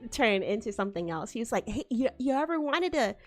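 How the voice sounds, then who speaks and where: A young woman VTuber with a high, bright voice chats casually on stream, telling a story with animated energy at a fairly quick pace. She laughs often and curses freely over faint, soft music.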